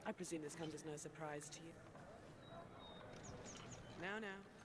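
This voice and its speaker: An actor playing a composed, formal man in a fantasy game trailer, heard as quiet played-back audio under loud noise. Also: fairly high pitch, steady tone, a little slow, lightly acted. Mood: cool, formal.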